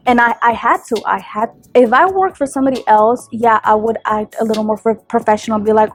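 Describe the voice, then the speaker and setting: Young lash artist gal venting a storytime, kinda high voice, lotsa "you know", soft music behind. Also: female voice, brisk, few pauses, slightly rough. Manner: animated, talking to viewers with many fillers. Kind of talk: storytime vlog.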